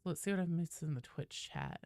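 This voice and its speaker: A woman's voice: deep voice, wildly swooping pitch, moderate pace, gravelly, a little mellow, no room sound. A woman streaming a game and chatting loosely with her viewers, swearing often. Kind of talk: casual live-stream chat.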